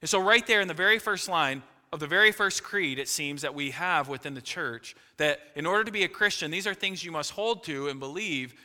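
Bright-voiced male pastor preaching in a hall. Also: a little fast, few pauses. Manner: emphatic preaching, rising to loud peaks then dropping low. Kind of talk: sermon.

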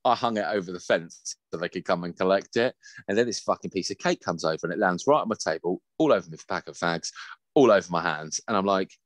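A man telling a sweary, animated story in casual chat. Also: low-pitched, quick pace, no room sound. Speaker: podcast co-host.

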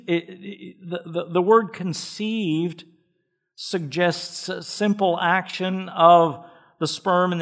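Male pastor, emphatic sermon delivery, somewhat high-pitched voice, repeats words for weight. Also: fairly bright tone. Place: church.

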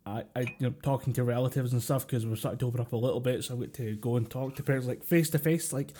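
Scottish male co-host, mid-pitched and mellow, chatty and rambling. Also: fairly even intonation, fast, slight background noise. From Scotland. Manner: rambling, with many fillers and chuckles. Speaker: podcast co-host. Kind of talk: casual chat. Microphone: computer mic over a voice call.

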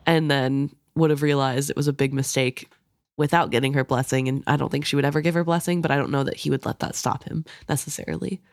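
A woman's voice: rumbling low, fairly even intonation, quick pace, no room sound, clean studio sound. A woman co-hosting a book podcast, thinking aloud in a chatty way, often saying "like" and "right?". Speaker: podcast co-host. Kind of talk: casual book discussion.

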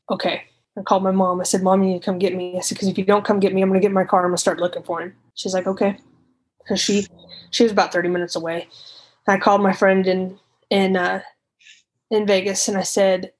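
A woman telling a personal story unscripted, halting and emotional, with frequent restarts and some swearing, acting out what others said. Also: medium pitch, poor audio. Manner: retells conversations in quoted speech.

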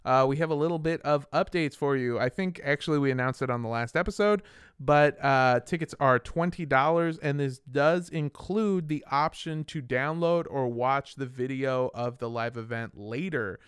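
A man's voice: medium pitch, normal speed, clear, resonant tone, no echo, studio quality. A man co-hosting a podcast, joking and swearing casually while rambling through sponsor reads. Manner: profane, jokey, rambling with fillers. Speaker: podcast co-host.

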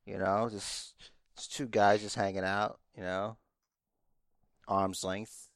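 A man with a low voice and a gravelly, fried edge co-hosts a podcast, chatting casually. He teases his co-host and slips into mock-serious speeches. The sound is dry and close. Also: level tone, slow pace, no echo. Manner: joking, teasing, mock-serious asides. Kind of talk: casual chat.

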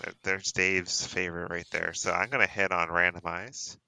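A man's voice: low-pitched, steady tone, moderate pace, creaky, pushed and bright, low-quality recording. A man from Canada, hosting a podcast in eager, chatty casual talk. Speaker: podcast host.

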